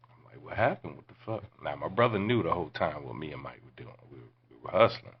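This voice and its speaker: Very deep gravelly man telling stories. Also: very animated, fast talker, lo-fi sound. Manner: profane, laid-back, drops to near-whispers. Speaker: podcast host. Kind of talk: casual storytelling.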